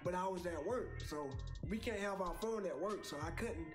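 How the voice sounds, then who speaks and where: A man's voice: sits high, normal speed. A man who runs a music channel tells a story casually, in a laid-back way, filling his talk with "like" and "bro". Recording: clip with loud music behind.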